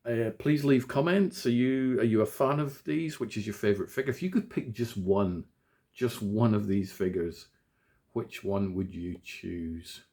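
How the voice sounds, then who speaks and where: A man's voice: lowish voice, a little slow, a little mellow. A man hosting a toy unboxing in a casual, chatty way, poking fun at himself as he works in his small home office. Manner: chatty, self-deprecating, talks while working with his hands.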